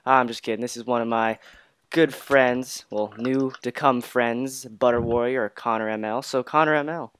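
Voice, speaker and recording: A man's voice: mid-range voice, moderate pace, fairly bright tone, smooth. A teenage boy hosting a casual let's-play, chatty and jokey, trailing off with fillers and restarts. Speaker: gaming channel host.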